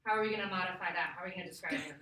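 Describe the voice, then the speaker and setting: A woman teacher giving a classroom lesson, lively and laughing, stretching words out slowly to model them. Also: on the low side, a little hiss or hum. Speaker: Spanish teacher. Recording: echoey classroom from far off.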